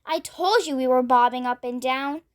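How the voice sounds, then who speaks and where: A woman's voice: sits high, moderate pace, lightly acted. A woman voicing a timid, polite female ladybird in a storybook reading. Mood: anxious.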